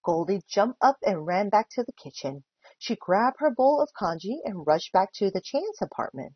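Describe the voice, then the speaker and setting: A woman volunteer reading a children's book aloud with expressive storytelling. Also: mid-range voice, normal speed, slightly rough, dry recording, lo-fi sound. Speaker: volunteer reader.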